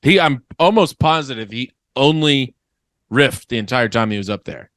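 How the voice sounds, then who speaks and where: A man's voice: medium pitch, animated, moderate pace, fairly bright tone, dry recording. A man co-hosting a comedy podcast, joking in a dry, mock-serious, riffing way. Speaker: podcast co-host. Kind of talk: casual comedy chat.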